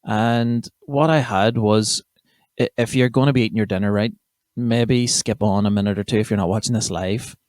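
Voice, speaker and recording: A lowish, darkish male voice holds a steady tone at normal speed, with no room sound and studio-quality audio. He's a young podcast host from County Armagh, Northern Ireland, whose casual comedy monologue rambles, swears and keeps interrupting itself.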